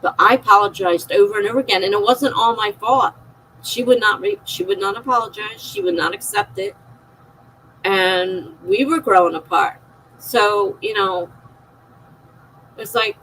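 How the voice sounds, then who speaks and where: Bright-voiced woman confiding. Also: medium pitch, a little hiss or hum, low-quality recording. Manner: emotional, confiding, circling back on herself. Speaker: live streamer. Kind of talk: personal rambling monologue.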